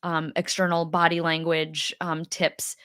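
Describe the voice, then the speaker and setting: Female co-host, chatty and loose with fillers, lower voice, dry close recording. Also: completely flat delivery, measured pace, a bit bright, clear, resonant tone, dry recording. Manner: chatty, many fillers and restarts. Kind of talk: casual coaching chat.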